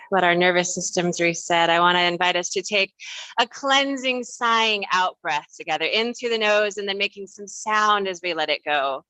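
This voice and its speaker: A woman leading a congregation through playful breathing and voice warm-ups, laughing and coaxing them along. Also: mid-range voice, moderate pace, no echo. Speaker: worship leader.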